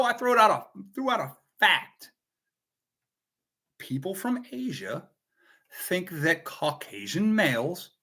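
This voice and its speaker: A man's voice: on the high side, fairly bright tone. Rambling joking American man hosting a chat. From United States. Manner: rambling, joking, greets viewers by name. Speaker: host. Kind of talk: casual livestream chat.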